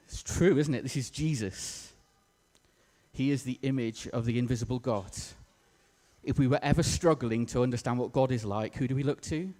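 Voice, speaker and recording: Man, pastor; easygoing, self-mocking sermon delivery; mid-pitched, reverberant church hall. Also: moderate pace, a little mellow. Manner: casual, self-deprecating, with fillers. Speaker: preacher.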